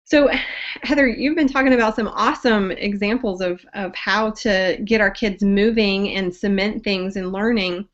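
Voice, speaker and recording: A woman's voice: medium pitch, normal speed. A woman, hosting a webcast and reading a friendly introduction of her guest. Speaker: host. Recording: dull lo-fi webcast audio.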